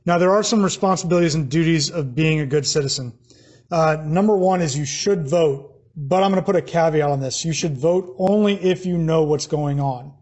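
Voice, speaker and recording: A man's voice: a little high, normal speed, darkish tone. An American man giving a recorded class lecture, explaining plainly with fillers and restarts. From United States. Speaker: teacher.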